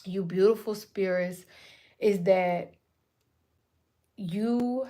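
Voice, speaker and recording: A young woman giving a live channeled spiritual reading to her viewers, speaking in a casual, slangy, animated way. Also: medium pitch, very slow. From Puerto Rican and Native American roots. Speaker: spiritual reader. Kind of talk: live-streamed channeled message.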